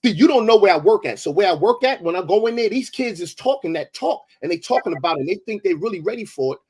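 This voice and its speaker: A man's voice: high-pitched, animated, fast talker, darkish tone, husky. A man, debating in a heated, confrontational way and repeating himself for emphasis.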